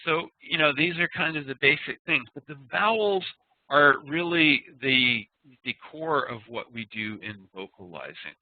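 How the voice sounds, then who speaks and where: A man teaching an online class, speaking slowly and patiently and demonstrating sounds aloud. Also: on the high side, expressive, no echo. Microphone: computer mic on a video call. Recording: dry, tinny web-call audio.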